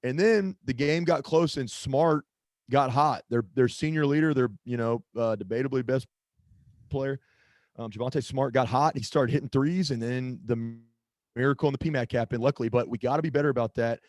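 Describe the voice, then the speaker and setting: On a casual sports podcast, the co-host meanders along at a moderate pace, frequently breaking off to search for a name or drifting off his point. He has a mid-range, darkish voice, recorded with no echo.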